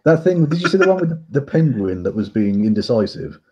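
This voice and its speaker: A man's voice: medium pitch, very animated, fairly quick, mellow, slightly rough. Sweary man, muffled call audio. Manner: sweary, blunt, teasing. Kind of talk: casual chat on a video call. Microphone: video call.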